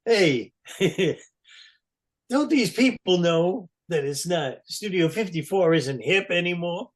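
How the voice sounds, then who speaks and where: A man impersonating a fussy, stingy male rock star in a strained, odd voice, yelling high and excited. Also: slow pace, full character voice. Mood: indignant.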